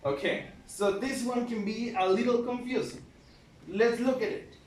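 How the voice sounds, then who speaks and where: A man teaching an English grammar lesson, slow and patient, spelling out letters one by one. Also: extremely high pitch, fairly even intonation, slight background noise. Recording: echoey room, mic at a distance.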